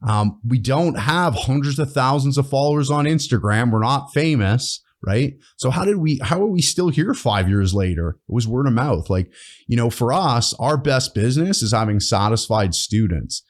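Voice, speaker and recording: A man who founded a training course talks earnestly as a guest in a casual podcast interview, often checking in with "right?" as he explains. His medium-pitched voice is expressive and moves at normal speed.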